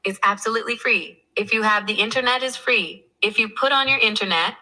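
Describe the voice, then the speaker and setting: A man's voice: high voice, brisk, sharp tone, pitched above the performer's own voice, poor audio. A man putting on a chirpy woman announcer's voice, singsong and repetitive.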